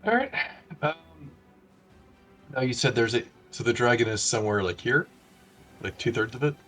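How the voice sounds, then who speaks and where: A man's voice: mid-range voice, moderate pace, fairly bright tone, faint music behind. A man playing in a tabletop game, hedging and asking unsure questions. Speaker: player. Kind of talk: casual play chat.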